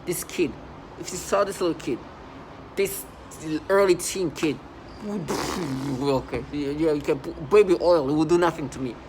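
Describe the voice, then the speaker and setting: A man's voice: fairly high pitch, noisy background. Agitated man ranting in a vlog. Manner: agitated, with sudden loud outbursts; halting, many restarts and fillers. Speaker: vlogger. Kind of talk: rambling vlog monologue.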